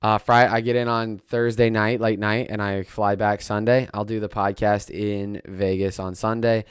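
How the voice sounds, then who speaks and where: A young man hosting a casual solo sports podcast, rambling and excitable, often restarting his sentences. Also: on the low side, moderate pace, clear, resonant tone, dry recording, studio quality.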